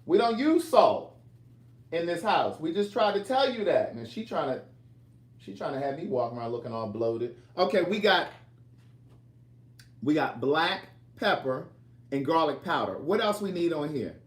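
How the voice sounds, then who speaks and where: A man talks casually to his livestream viewers while he cooks. His voice sits a touch high and swings up and down with lively energy. The home kitchen around him sounds roomy and echoey. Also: moderate pace. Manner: chatty, teasing, reads viewer comments aloud.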